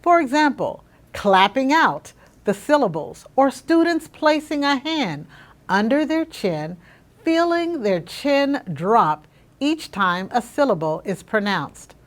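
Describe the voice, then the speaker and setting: A woman giving a measured, explanatory scripted narration about teaching methods. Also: high-pitched, big pitch swings.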